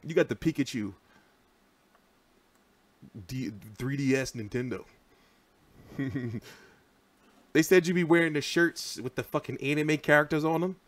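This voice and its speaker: A thirty-something man hosts a boxing channel livestream, answering viewers' comments in loose, profane, rambling, animated chat. His voice is a little high and unhurried, he pauses often, and there's no echo.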